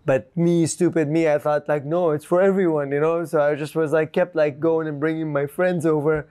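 A man, a podcast guest, telling a story in a casual, animated and rambling way, laughing often and filling with "like" and "you know". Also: on the high side, normal speed, smooth.

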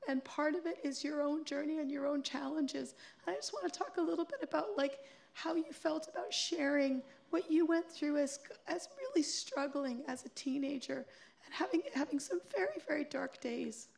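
A woman's voice: high-pitched, lively intonation, normal speed, gravelly. A woman moderating a public conversation, asking long questions with fillers and easy laughter. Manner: warm, laughs easily, filler words. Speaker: interviewer and moderator. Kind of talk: public interview on stage. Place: stage at a public event.

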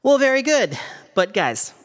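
A man's voice: very high voice, very animated, measured pace, loud music behind the voice. Playful young man hosting a kids' sing-along. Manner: playful, jokey asides to the viewer. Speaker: camp staffer leading a virtual sing-song.

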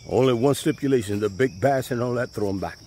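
A man's voice: mid-range voice, fast talker, dark tone. A man giving a folksy, conversational tour of his land while walking outdoors by a pond. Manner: folksy, conversational, Southern US speech. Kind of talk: casual walking video tour. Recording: faint outdoor noise. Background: birds and insects.

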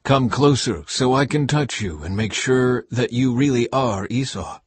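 A man voicing an old blind father who speaks with a slow, solemn cadence. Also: medium pitch, expressive, slightly rough, no echo. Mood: tender.

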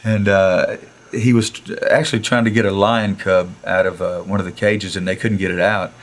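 Man in his sixties, low voice. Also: moderate pace, a little hiss or hum. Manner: animated storyteller who chuckles, acts out quotes and restarts sentences. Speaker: musician interview guest. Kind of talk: casual anecdotal storytelling. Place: recording studio.

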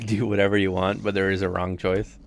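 A man's voice: low-pitched, gravelly. A man casually commenting on his live playthrough of a video game, rambling and chatty, often reading the game's lines aloud. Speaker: gaming streamer.

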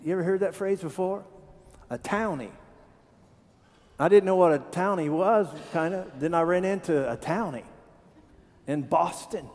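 A pastor preaching a sermon, animated and quizzing his congregation with questions. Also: sits high, moderate pace, long pauses. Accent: Ohio. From Tennessee. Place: church sanctuary. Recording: church hall with long reverb.

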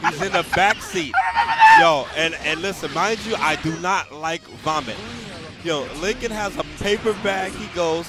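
A man commentating on a tournament stream, telling stories in an animated, exclaiming way. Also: fairly high pitch, normal speed. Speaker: esports commentator. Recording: music behind commentary. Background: music.

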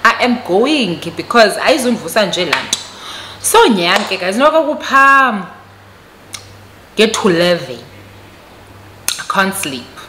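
A South African woman telling a story on her vlog, animated and switching between Xhosa and English. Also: medium pitch, a little slow, long pauses, background noise. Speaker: vlogger. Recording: echoey room recording.

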